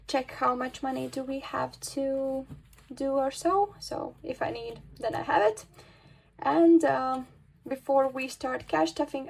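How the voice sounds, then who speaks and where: A woman's voice: sits high, vocal fry, slight background noise, low-quality recording. A woman from the Baltic states chatting to camera about her budget, talking in a chatty way with many fillers and counting aloud. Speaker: budgeting vlogger. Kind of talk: casual talk to camera.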